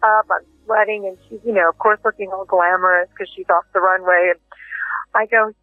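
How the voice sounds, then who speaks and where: A woman interview guest telling lively anecdotes and acting out what others said, heard down a tinny phone line. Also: mid-range voice, fairly quick, no room sound, soft background music. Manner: lively anecdotes with acted-out quotes. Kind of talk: casual interview storytelling.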